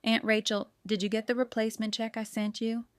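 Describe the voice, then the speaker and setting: A fiery, warm-hearted baker woman, as a woman reader plays her, loud and theatrical, pitched higher and pushed harder than plain narration. Dry, close recording with no room. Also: level tone, fairly quick, clear, resonant tone, no room sound, close to an everyday voice. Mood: exasperated. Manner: exasperated, theatrical.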